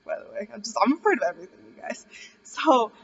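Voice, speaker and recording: A woman's voice: fairly high pitch, sing-song, fast talker, vocal fry, fairly bright tone, husky. A young woman vlogger telling a scary story in casual, rambling speech full of "like". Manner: rambling, heavy use of "like". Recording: dull distant recording with faint hiss.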